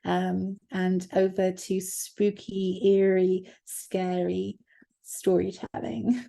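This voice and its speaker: Woman, co-host, dark mellow voice, emotional, video call. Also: lowish voice, flat delivery, slow pace, creaky. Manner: emotional, laughing, tearful. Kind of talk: reading out chat comments.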